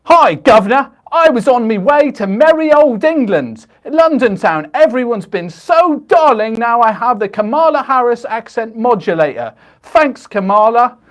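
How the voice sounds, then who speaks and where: A man puts on a gushing caricature of an English accent, pitched far above his own voice and pushed loud. He sounds giddy and over the top, his tone brighter and thinner than his usual talk. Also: big pitch swings, moderate pace.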